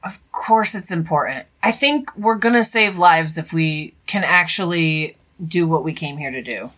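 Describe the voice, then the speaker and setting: A woman playing in a tabletop game, chatty and quick to laugh. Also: low-pitched, a bit bright. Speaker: player.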